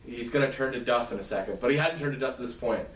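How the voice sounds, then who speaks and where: A man casually retelling a novel's plot as a lecture, halting and restarting often. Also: medium pitch, fairly bright tone. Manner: halting, many fillers and restarts. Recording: roomy, distant mic.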